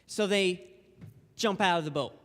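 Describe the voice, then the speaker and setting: A man's voice: high-pitched, measured pace, fairly bright tone. Young man preaching in an echoing church. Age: young adult. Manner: casual and conversational, acting out quotes. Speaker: guest preacher. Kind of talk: informal sermon. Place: church sanctuary. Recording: long church hall reverb.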